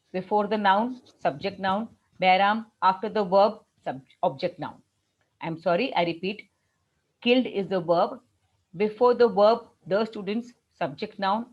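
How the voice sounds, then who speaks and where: A woman's voice: mid-range voice, measured pace, dull audio. A woman with an Indian English accent teaching a French grammar lesson, patiently explaining step by step and repeating the rules.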